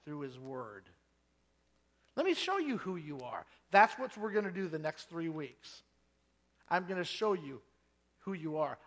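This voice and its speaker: High-voiced male preacher telling stories. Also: a bit bright. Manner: storytelling, acts out voices and quotes. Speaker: pastor. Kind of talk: sermon.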